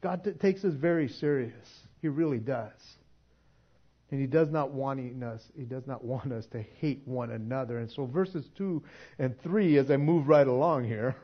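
A man preaching a casual sermon, chatty and laughing often, shifting from quiet, soft passages to loud emphatic ones. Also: medium pitch, measured pace, pauses often, slightly rough, highs cut off.

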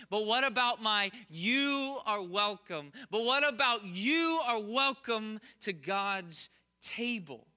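A man's voice: high-pitched, bright, forceful tone. A man in his thirties preaching an earnest sermon, repeating key lines with rising emphasis. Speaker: pastor.

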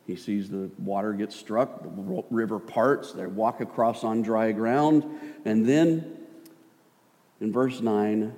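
A man's voice: on the low side, slow pace, a little mellow. A man preaching a sermon in a loose, conversational way, with jokes and acted-out asides as he reads and explains scripture. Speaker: pastor. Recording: long hall reverb.

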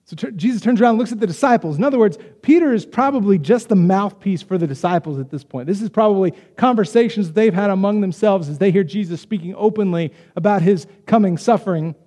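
High-voiced preacher in a reverberant hall. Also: male voice. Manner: conversational, animated preaching with quick acted asides. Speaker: pastor. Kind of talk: sermon.

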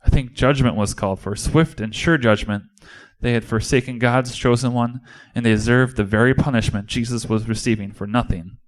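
A man with a mid-range voice speaks at a moderate pace, barely pausing, as he performs a fervent first-person monologue in the role of a disciple during a church service. His storytelling is impassioned and indignant.

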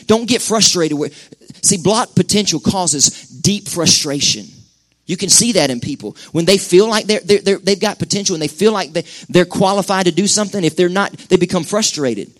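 A man preaching a sermon, conversational and impassioned, swinging from loud bursts down to hushed lines. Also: a little high. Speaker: pastor. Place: church sanctuary.

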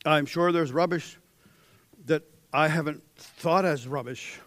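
A young man preaching a sermon, dropping to hushed intensity, then rising into loud exhortation as he reads scripture. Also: a little high, a little slow, dry recording.

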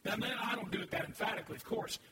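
A man's voice: sits high, steady tone, rapid-fire. A man in his thirties preaching a sermon as pastor, talking conversationally and asking the congregation questions. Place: church sanctuary. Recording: echoey, distant, noisy room recording.

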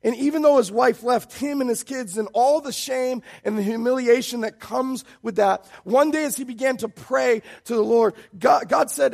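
A man preaching a sermon as pastor, swinging from hushed pleading to loud shouted emphasis. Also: very high voice, moderate pace, vocal fry, hardly any pauses.

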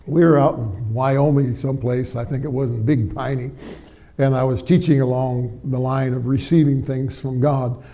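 A man's voice: mid-range voice, fairly even intonation, moderate pace. A middle-aged man preaching a sermon to a church congregation, folksy and chatty, peppering his talk with amens and questions to the people. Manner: folksy, warm storytelling with frequent amens and tag questions to the congregation. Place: church before a live congregation.

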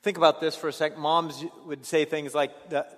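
A man preaching a sermon as a pastor, in an earnest way, often stumbling over repeated words and moving between hushed passages and raised ones. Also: a little high, level tone, moderate pace, big-room sound. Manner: earnest, stammering restarts, swings between hushed and raised delivery.

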